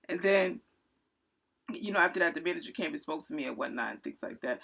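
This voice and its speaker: A woman who works as a retail cashier, telling a story from her job in an indignant, animated storytime rant. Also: mid-range voice, fast, creaky.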